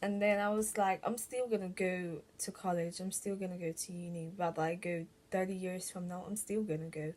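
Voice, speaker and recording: A young woman telling a personal story to camera in a casual vlog, halting and full of "like" and restarts. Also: lowish voice, fairly even intonation, a little mellow, slight background noise. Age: young adult. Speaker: vlogger.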